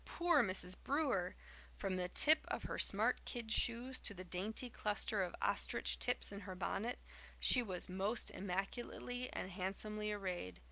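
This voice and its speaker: A woman reads an audiobook in a measured, literary storytelling style. Her voice carries a gravelly texture and a bright, sharp tone. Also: mid-range voice, poor audio. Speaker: audiobook narrator. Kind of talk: scripted narration.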